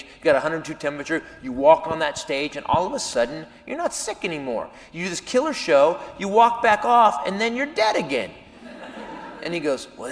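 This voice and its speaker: Man, stand-up comedian, high bright voice, animated, shouting then hushed, echoing live venue. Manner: animated, shifts between shouting and hushed impressions. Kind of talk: stand-up storytelling. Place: stage in a theater. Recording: live venue with long reverb, faint ambience.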